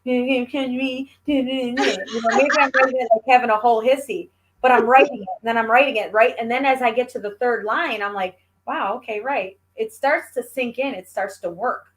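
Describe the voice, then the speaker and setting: Animated woman sharing her stories. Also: fairly high pitch, moderate pace, hardly any pauses, slight background noise. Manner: animated, acts out quoted voices while telling stories. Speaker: guest. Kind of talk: casual chat.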